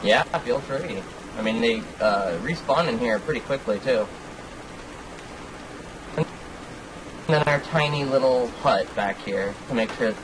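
A man's voice: mid-range voice, unhurried, pauses often. Easygoing man over a hissy recording. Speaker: guest player. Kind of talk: casual gameplay chat.

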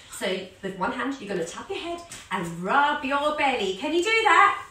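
A woman's voice: sits high, sing-song, moderate pace, pushed and bright, distant mic. A woman teaching a children's yoga class, telling a story as she guides the poses, playful and sing-song with animal sounds. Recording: echoey room, voice a little off-mic.

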